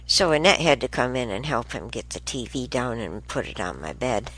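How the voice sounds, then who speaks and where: A woman's voice: very deep voice, very animated, moderate pace, fairly bright tone, husky. A woman hosting a show, telling a rambling everyday story in a chatty, casual way. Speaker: show host. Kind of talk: casual monologue.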